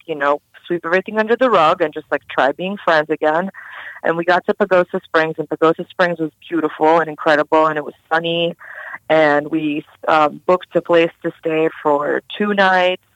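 A woman's voice: lowish voice, no room sound, highs cut off. A young woman recounting a personal story in an interview, casual and candid with many fillers. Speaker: guest.

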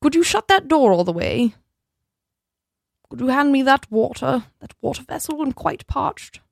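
A woman putting on a prim, high-pitched voice of a thirsty lady ordering a helper about, with a breathy edge. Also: big pitch swings, moderate pace, no room sound, clean studio sound, full character voice. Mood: fussy, demanding. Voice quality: high, breathy, fading to a whisper.

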